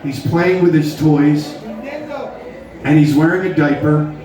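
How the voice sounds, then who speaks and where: A man's voice: on the high side, steady tone, a little slow. A middle-aged man, a rock singer, telling a story between songs at a live show in a joking, laid-back way, recorded from a distance in a large hall. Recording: echoey hall, distant, with crowd noise.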